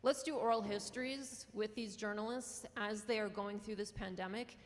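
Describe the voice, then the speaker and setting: A woman's voice: medium pitch, steady tone, moderate pace. Impassioned North Dakota woman in a hall. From Western North Dakota. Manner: earnest and impassioned, with small laughs. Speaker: journalism professor and newspaper publisher. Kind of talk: conference talk. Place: lecture hall.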